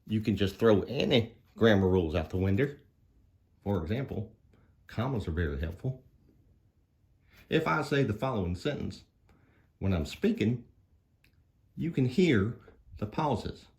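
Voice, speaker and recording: A man's voice: lowish voice, expressive, unhurried, pauses often, a little mellow. A man voicing a folksy male dog grammar professor, giving an easygoing puppet-show lesson. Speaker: teacher.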